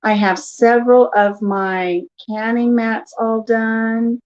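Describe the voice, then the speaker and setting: An older woman vlogger chatting casually from her living room at home, animated as she tells stories. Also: a little high, slow pace, muffled recording. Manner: animated storyteller who acts out quotes. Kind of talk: casual chat.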